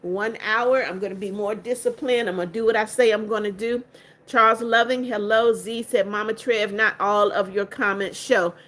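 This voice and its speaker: A woman's voice: mid-range voice, steady tone, moderate pace, fairly bright tone. An older woman hosting a casual livestream, reading viewer comments aloud one by one and answering each with motherly greetings and blessings, firm with rude viewers. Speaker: livestream host.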